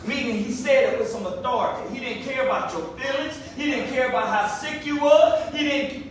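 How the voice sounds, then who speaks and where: A man preaching a sermon to his congregation, emphatic and animated. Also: very high-pitched, brisk. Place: church. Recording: echoey room from far off, faint noise.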